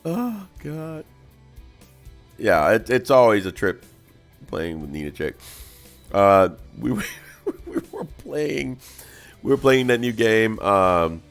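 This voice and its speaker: A man with a gravelly, lively voice chats casually on a live stream while painting. He tells animated stories, laughing often and loudly acting out the other people in them. Soft music plays behind him. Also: fairly low pitch, takes it slowly, pauses often. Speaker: co-host.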